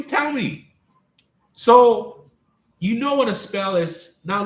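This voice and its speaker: Emphatic high-voiced man in an echoey room. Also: a bit bright. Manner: repetitive, emphatic, preacher-like, addresses viewers by name. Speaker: life coach hosting a live stream. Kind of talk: live-streamed spiritual talk.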